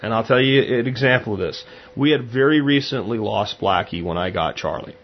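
A man's voice: medium pitch, a little fast, dull audio. A man hosting a podcast, talking in a blunt, conversational way and acting out what he said. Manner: blunt, conversational, acts out his own quotes. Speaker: podcast host. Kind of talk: casual monologue.

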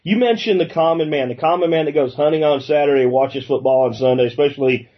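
A man's voice: fairly high pitch, quick pace, dull audio. A man from Pennsylvania hosting a casual interview, chatty and loose, with plenty of fillers. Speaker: podcast host.

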